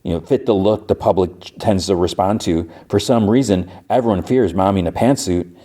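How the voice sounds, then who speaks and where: A man's voice: deep voice, brisk, dark tone. A man voicing a scheming, bossy woman crime boss in a loose retelling, in a slightly raised, mocking tone.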